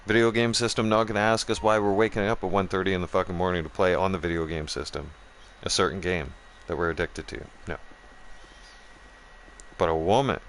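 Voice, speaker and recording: A man's voice: low-pitched, fairly even intonation, fairly quick, a bit bright, slight background noise. A man hosting a gaming channel, ranting profanely in casual chat and talking straight to his viewers. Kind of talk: casual rant while streaming a game.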